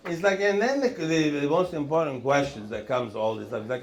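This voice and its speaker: A man performs stand-up comedy in a rambling, meandering way. His voice sits high for a man, and he chuckles as he talks, often trailing off into hesitant pauses before landing the joke. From Lebanon. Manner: rambling, chuckling through lines, many hesitations. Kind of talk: stand-up routine.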